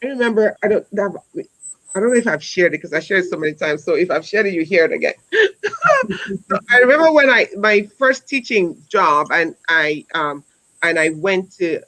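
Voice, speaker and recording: A woman's voice: lowish voice, normal speed, fairly bright tone, low-quality recording. A woman in her forties, an educator, telling a story in a conversational way. She speaks earnestly, with many restarts and repeated words, and ends by urging listeners on. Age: 40s. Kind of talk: conversational storytelling on a wellness talk.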